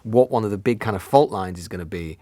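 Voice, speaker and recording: A man with a British accent, a journalist guest who talks through politics in fluent, rapid analysis. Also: on the low side, mellow, dry recording.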